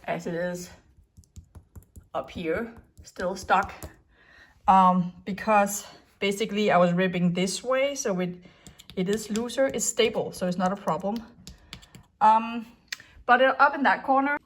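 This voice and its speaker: Slow, chatty woman filming a DIY vlog. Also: mid-range voice. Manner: chatty, self-talking while working, many fillers and restarts. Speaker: DIY vlogger. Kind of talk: casual DIY vlog narration while working. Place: living room under renovation, indoors.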